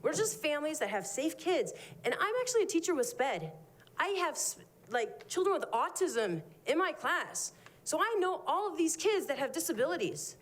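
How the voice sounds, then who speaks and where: Upset high-voiced woman at a public meeting. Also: sing-song, moderate pace. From Midwest. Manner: upset, emphatic, pleading. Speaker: public commenter. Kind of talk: public comment at a city meeting.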